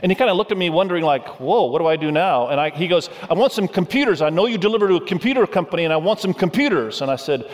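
A man's voice: sits high, expressive, rapid-fire, few pauses. Man preaching storytelling sermon, reverberant hall. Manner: storytelling with humor, asks the audience questions. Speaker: pastor.

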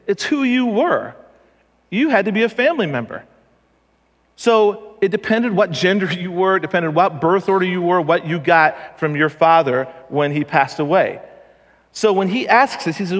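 A man's voice: high voice, fairly bright tone. A man preaching a conversational, joking sermon as a pastor. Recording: long reverb of a large hall.

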